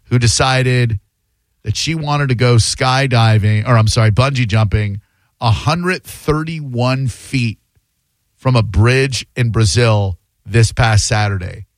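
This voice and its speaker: A man hosting a call-in radio talk show, casual and joking, talking in fast bursts. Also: mid-range voice, dry recording, studio quality. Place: radio studio. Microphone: studio mic.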